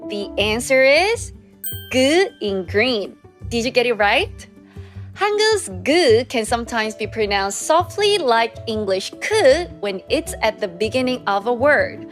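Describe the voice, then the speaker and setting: Woman teacher for a lesson video, unhurried and clearly articulated, with a lively pitch. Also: soft background music. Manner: slow, clear teaching with repeated drills. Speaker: Korean language teacher. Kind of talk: scripted language lesson.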